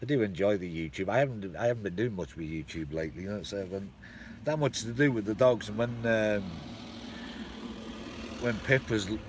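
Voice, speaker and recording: A man with a fairly low voice chats casually with his live-stream viewers, swearing without a second thought. A steady hum of ambient and vehicle noise runs under his voice throughout. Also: brisk. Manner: chatty, informal, swears freely. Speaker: channel host.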